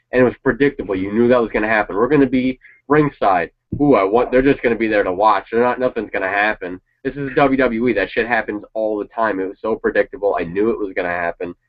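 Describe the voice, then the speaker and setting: Rambling man with a low voice, lo-fi. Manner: rambling, opinionated, swears casually. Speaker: wrestling show reactor. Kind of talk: casual chat. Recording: dull lo-fi sound.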